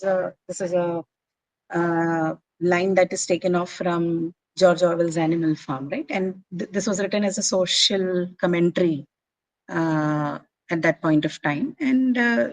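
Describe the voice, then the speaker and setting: The recording is rough though free of room sound, capturing a woman whose voice sits on the low side. As an English literature teacher, she lectures on figures of speech, patiently checking that the class is following.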